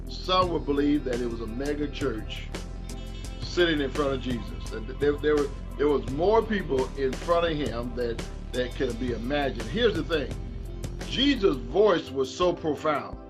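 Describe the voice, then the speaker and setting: A middle-aged man preaching a sermon as a pastor during a live online Bible study. He repeats words, restarts his sentences and keeps asking his listeners whether they hear him. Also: fairly high pitch. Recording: dull lo-fi sound with faint music.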